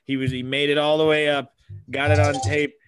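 A man hosting a casual podcast, a father who tells animated stories and swears freely. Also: a little high, fairly quick, clear, resonant tone, no room sound. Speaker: podcast host.

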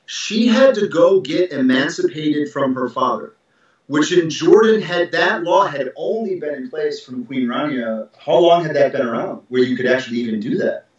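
Animated middle-aged man in an echoey room. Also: fairly high pitch, moderate pace, recorded from a distance. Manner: animated, with frequent restarts and emphatic asides. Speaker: husband telling their story. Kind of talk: casual conversational storytelling. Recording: very echoey room, dull lo-fi sound.

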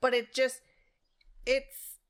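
A woman's voice: sits high, monotone, takes it slowly, noisy background. A woman appearing as a guest on a podcast, telling frank, self-mocking stories about parenting in a casual conversation.

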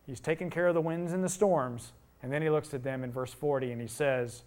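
A middle-aged man preaching a sermon, telling the story with rhetorical questions and rising to loud emphasis. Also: a little high, fairly quick, hardly any pauses. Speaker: pastor.

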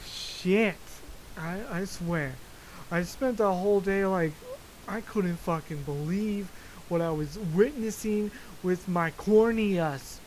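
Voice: mid-range voice, a little hiss or hum, low-quality recording. A podcast host ranting casually, swearing constantly and breaking into laughter while telling stories. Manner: profane, frequently laughing, animated storytelling. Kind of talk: casual solo rant. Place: Florida.

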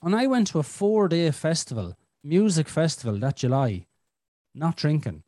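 An Irish man hosting a podcast, telling a personal story in a flamboyant, expressive way. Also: on the high side, normal speed, no room sound, studio quality. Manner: flamboyant, expressive storyteller who swears freely. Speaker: podcast host. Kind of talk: casual storytelling chat.

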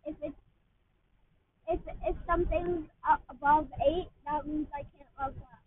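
A woman's voice: high voice, fairly even intonation, moderate pace. A woman co-hosting a casual podcast chat, hesitant and repeating words as she explains. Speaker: podcast co-host. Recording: tinny phone-like audio.

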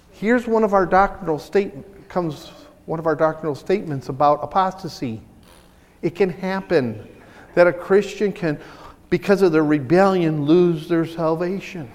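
The sermon comes from a high-voiced man preaching with animated, excitable energy, at a moderate pace and frequently starting his sentences over. He's in a church sanctuary, where a long reverb from the hall follows his words.

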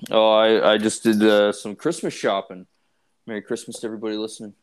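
A man co-hosting a casual podcast, chatting in a laid-back, halting way with "uh" and "like" fillers. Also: lowish voice, flat delivery. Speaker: podcast co-host.

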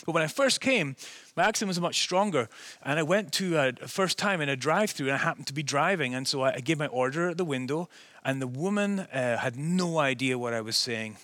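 A man delivers a conversational sermon in a Scottish accent worn smooth by years in America. His voice sits somewhat high, and the sound is dry and close. He speaks earnestly and keeps asking the congregation rhetorical questions. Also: animated, fairly quick, fairly bright tone, no room sound. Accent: softened Scottish, partly American. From Scotland. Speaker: pastor.

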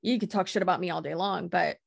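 Woman guest, casual chat, assertive and profane, gravelly tone. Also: fairly low pitch, fast, dry recording, clean studio sound. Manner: blunt, assertive, swears freely, laughs often. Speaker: guest content creator. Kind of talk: casual podcast conversation.

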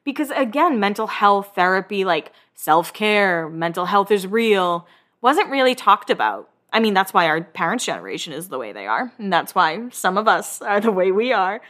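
A woman's voice: medium pitch, very animated, normal speed, fairly bright tone. Chatty young woman gossiping. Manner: chatty and gossipy, acts out quotes with a shifting voice. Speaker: podcast host recapping a reality show. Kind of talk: casual chat.

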